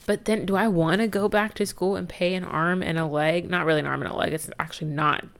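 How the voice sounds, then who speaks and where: A woman's voice: on the low side, fairly even intonation, quick pace, gravelly, fairly bright tone. A young woman from the United States hosting her own podcast, talking in a chatty, candid way and laughing easily. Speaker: podcast host. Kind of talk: casual solo podcast chat.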